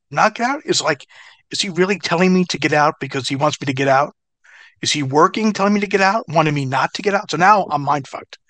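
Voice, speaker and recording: On the high side and captured with no room sound, a middle-aged man who used to wrestle shares stories in a relaxed interview. Swearing frequently, he laughs between bits as an animated storyteller.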